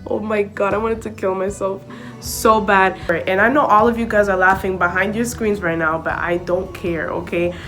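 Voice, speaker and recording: A young woman telling a story-time vlog in a loose, chatty way, peppering her talk with "like" and "okay?" and flipping between English and Spanish. Faint music sits quietly under her voice. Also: medium pitch, steady tone, normal speed. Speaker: vlogger. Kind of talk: casual story-time chat to camera.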